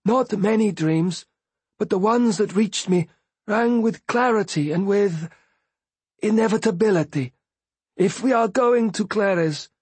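Man doing a high, slow, patient-but-fed-up prophet type, husky. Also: no echo, exaggerated voice. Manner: patient and exasperated. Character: patient, cryptic male seer.

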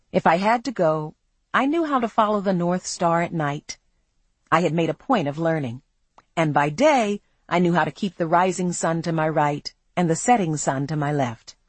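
A woman reading a novel aloud in the first person, in a measured, expressive storytelling manner. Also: fairly low pitch, breathy edge, dry recording. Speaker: audiobook narrator.

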